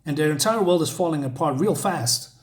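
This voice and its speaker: A man's voice: fairly high pitch, lively intonation, fairly quick, close to an everyday voice. A man reading out the lines of an earnest young male hero, plainly and with some urgency. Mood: calm.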